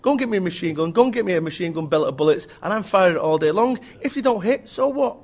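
This is a man with a fairly high voice, talking in an energetic, blunt interview style. He rants about business and throws in quick mocking impressions of other people. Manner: blunt, ranting, mimics voices. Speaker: author and business speaker.

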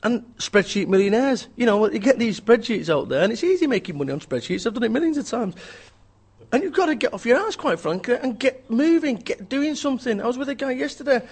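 A man's voice: extremely high pitch, sing-song, fairly quick, a little mellow, breathy edge. A man, an author and business speaker, giving a blunt, emphatic, joking rant in an interview.

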